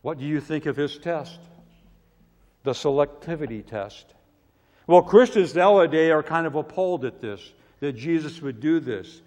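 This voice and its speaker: A man preaching a sermon with emphatic delivery, his voice swelling loud and falling low. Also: animated, normal speed. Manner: emphatic, rising to loud cries on quoted prayers, then dropping low. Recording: long reverb of a large hall.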